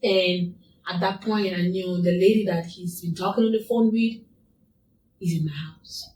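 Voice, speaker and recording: A woman's voice: fairly low pitch, steady tone, moderate pace, darkish tone, slight background noise. A woman guest in an interview, telling a personal story in a repetitive, emphatic way. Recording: echoey room, distant mic.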